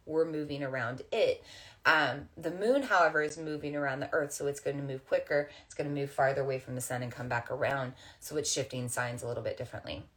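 A woman teaching astrology and crystals to camera in a gentle, meandering way with many fillers, recorded indoors at home. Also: low-pitched. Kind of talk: casual spiritual teaching to camera. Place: indoors at home under overhead lights. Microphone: camera facing her.

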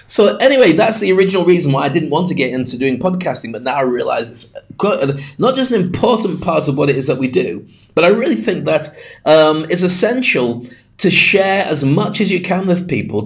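Middle-aged male podcast host, fast-talking and jokey, slightly higher voice. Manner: chatty, jokey, talks fast with asides. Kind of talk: solo podcast monologue. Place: home studio.

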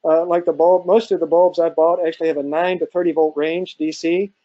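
A man's voice: fairly high pitch, little pitch movement, a little fast, warm tone, lo-fi sound. A man answering questions in a live online talk, thoughtful and hesitant, with many fillers and restarts. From central Virginia. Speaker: guest speaker on off-grid farming.

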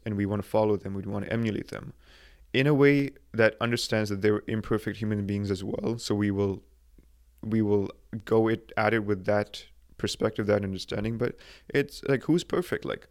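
This is a young man talking straight to his listeners in a solo motivational podcast. His voice sits on the low side, and he speaks earnestly. He restarts his phrases often and leans on filler words as he works through his thoughts. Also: fairly even intonation, brisk. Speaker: podcast host.

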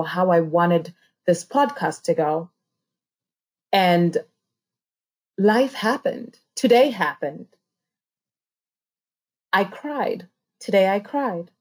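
Earnest woman sharing a heartfelt reflection. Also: medium pitch. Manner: earnest, heartfelt, repetitive emphasis. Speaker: podcast guest speaker. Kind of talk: personal reflective monologue.

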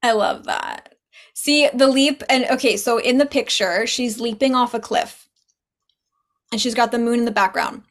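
A young woman speaks as a podcast guest, earnest and encouraging, her words often tumbling out in quick runs. Her voice sits a little high for a woman. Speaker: podcast guest, spiritual business owner. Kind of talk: casual podcast conversation.

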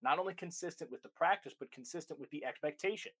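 A man's voice: fairly high pitch, fast talker, fairly bright tone, husky. A man who trains dogs, explaining recall step by step in an emphatic, direct teaching style. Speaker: dog trainer. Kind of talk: instructional talk.

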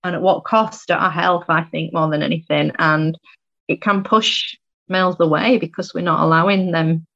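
A woman's voice: fairly low pitch, steady tone, normal speed, creaky, fairly bright tone. A woman guest speaking earnestly and thinking aloud in a casual conversation. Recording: dull lo-fi audio.

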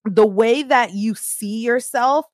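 A woman co-hosting a casual faith conversation at home, chatty and quick to laugh, with lots of fillers. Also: on the high side, no echo, studio quality. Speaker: podcast co-host.

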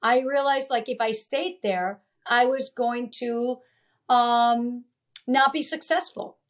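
Her voice sits a little high and she takes her time, speaking slowly. She's a life coach from Italy and Venezuela, a guest in an interview, giving emphatic motivational talk that returns again and again to her main points.

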